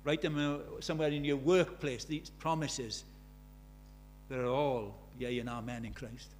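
A man's voice: mid-range voice, little pitch movement, measured pace, slight background noise. A British man preaching a sermon, telling stories with emphasis and repeating key phrases.

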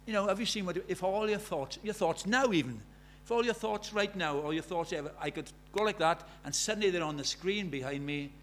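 Preacher with a high, pleading voice. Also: male voice, brisk, few pauses, slight background noise. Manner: pleading, rising to urgent calls, then hushed storytelling. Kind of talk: sermon.

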